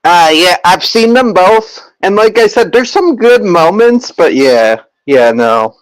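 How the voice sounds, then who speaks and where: A man's voice: sits high, animated, takes it slowly, dry recording, rough recording. Rambling young man chatting with viewers. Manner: rambling, many fillers and restarts. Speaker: streamer. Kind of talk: casual chat with viewers.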